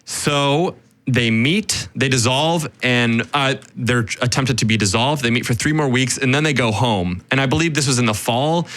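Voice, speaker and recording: Chatty man telling history. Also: medium pitch. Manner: animated storytelling with quick quoted asides, frequent "right?" and "you know". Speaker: podcast co-host. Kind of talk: casual history discussion.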